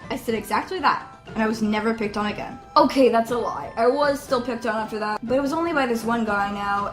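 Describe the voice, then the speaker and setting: A young woman vlogger telling a childhood story, loud and expressive. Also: on the high side. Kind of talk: casual storytelling to camera.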